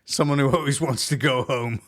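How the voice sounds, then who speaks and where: A man's voice: medium pitch, a little fast. A man from England co-hosting a casual live-streamed chat, joking and laughing often. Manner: jokey, laughs often, lively delivery. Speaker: podcast co-host.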